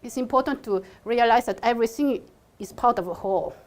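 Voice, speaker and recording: A woman's voice: fairly high pitch, brisk. A woman teaching a one-on-one piano lesson, encouraging her student and singing phrases aloud to show how they go. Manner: sings phrases to demonstrate, encouraging. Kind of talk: one-on-one music coaching.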